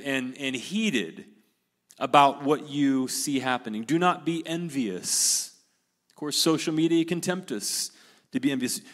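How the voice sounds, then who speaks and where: A man preaching a sermon with earnest emphasis, repeating key phrases and letting his voice fall softly at the ends of lines. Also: a little high. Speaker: pastor. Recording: reverberant hall.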